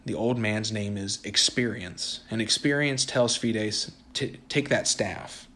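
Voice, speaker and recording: A man's voice: fairly low pitch, slow pace, bright, forceful tone. Earnest male preacher. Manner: earnest, conversational, reads passages aloud. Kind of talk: sermon with read-aloud story.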